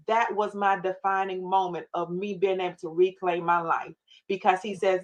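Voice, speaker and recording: A woman's voice: on the low side, little pitch movement, moderate pace, dull audio. A woman guest telling her personal faith testimony with feeling, acting out her own prayers and quoting scripture. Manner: emotional, acts out her own prayers and inner voice; faith-based, quotes scripture.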